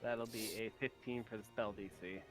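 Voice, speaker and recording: A man playing a tabletop game, chatting and speaking in character in a quick, offhand way. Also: fairly low pitch, steady tone, fairly bright tone, faint music behind. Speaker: player.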